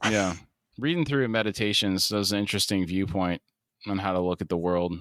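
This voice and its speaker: A man's voice: low-pitched, steady tone, fairly quick, a bit bright, dry recording, studio quality. A man co-hosting a podcast, recapping a TV episode and laughing easily. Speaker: podcast co-host. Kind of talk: casual chat and episode recap.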